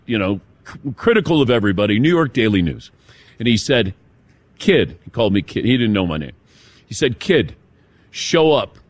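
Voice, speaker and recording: A man's voice: medium pitch, no echo. A man hosting a sports talk radio show, telling stories and laughing easily as he passes the talk to his co-hosts. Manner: storytelling, laughs easily, hands off to co-hosts by name. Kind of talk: casual radio show banter.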